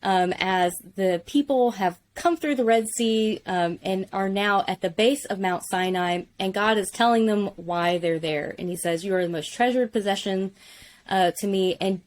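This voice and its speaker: A woman teaching Biblical Hebrew in a relaxed conversational way, enthusiastic and explanatory, often saying "like". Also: medium pitch, normal speed.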